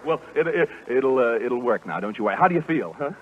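A man's voice: mid-range voice, lively intonation, fast talker. A man hosting a live radio game show before a studio audience, jovial and teasing, laughing often. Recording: tinny old radio broadcast with faint hiss.

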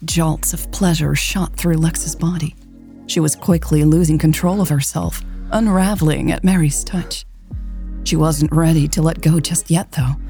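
A woman narrates a romance story in a soft, hushed, unhurried voice. Her tone is low and dark, with a gravelly edge. Faint music plays behind her.

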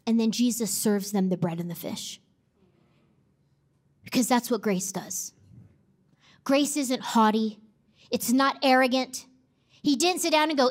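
A woman's voice: on the high side, measured pace, long pauses. A woman pastor preaching a sermon, emphatic and repeating key phrases for effect.

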